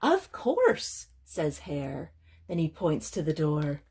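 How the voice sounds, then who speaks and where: A woman librarian reading a picture book aloud for children, slow and gentle, pausing to explain words. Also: low voice, steady tone, breathy edge.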